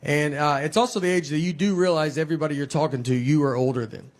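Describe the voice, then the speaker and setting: A man in his forties with a Southern American accent, doing a rambling, deadpan stand-up routine on a comedy stage. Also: a little high, fast talker. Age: 40s. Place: comedy stage before a laughing audience. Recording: stage mic with audience laughter.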